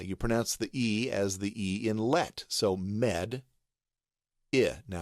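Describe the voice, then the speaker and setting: American guy low voice explaining pronunciation slowly, dry close mic. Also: no echo. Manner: patient, explains step by step, spells letters aloud. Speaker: voice artist teaching pronunciation. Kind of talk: screen-share tutorial.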